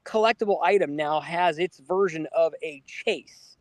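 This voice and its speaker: A man co-hosting a casual podcast, telling stories in a lively way and acting out the people he quotes. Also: on the high side, moderate pace, no echo. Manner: animated storyteller, acts out quoted people. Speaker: podcast co-host. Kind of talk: casual storytelling chat.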